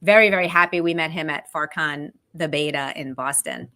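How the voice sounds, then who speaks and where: Low-voiced woman co-host, enthusiastic. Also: fairly quick. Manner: warm, enthusiastic, lots of "like" and "um". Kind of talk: casual chat on a live show.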